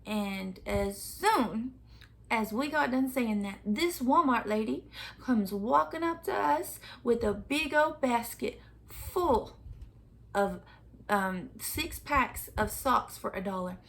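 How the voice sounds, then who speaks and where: Woman vlogger with a slightly high voice, chatty storyteller who keeps breaking into laughter. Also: slow, gravelly. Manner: animated, laughs often between phrases. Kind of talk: casual storytelling.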